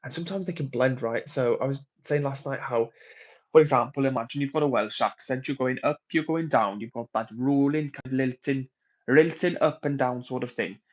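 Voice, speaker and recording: A man's voice: mid-range voice, a little fast, dull audio. A man casually chatting on a livestream while away on a work trip, reading out viewer comments and laughing often. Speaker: livestream host. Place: hotel room on a work trip.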